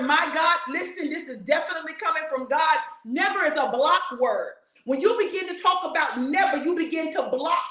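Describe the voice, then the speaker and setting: A woman preacher, giving a sermon in a fiery, repetitive style, with bursts of shouting and laughter. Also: high-pitched, echoey room, poor audio.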